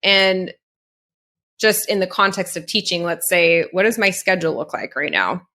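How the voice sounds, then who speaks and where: A woman's voice: fairly low pitch, moderate pace, bright, forceful tone. A woman guest on a podcast, talking earnestly and reflectively, asking herself questions aloud. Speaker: podcast guest, Pilates business coach. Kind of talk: casual conversation.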